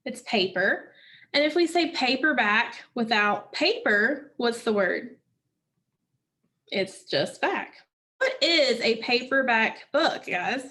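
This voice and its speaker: Female teacher, slightly high voice, slow deliberate phonics drills for kids. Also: expressive, pushed and bright. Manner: slow, patient, asks and answers own questions. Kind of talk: phonics lesson for children.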